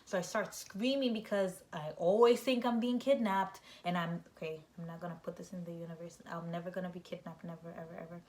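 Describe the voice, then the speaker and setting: A young woman vlogger telling a casual story, animated and full of "like", breaking into high, shrieking quoted voices. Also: brisk, hardly any pauses.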